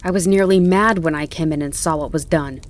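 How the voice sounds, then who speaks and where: A woman reading the part of a soft-hearted male gardener in an audiobook, speaking low and pleading. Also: fairly quick, lightly acted. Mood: rueful. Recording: faint crackling campfire behind.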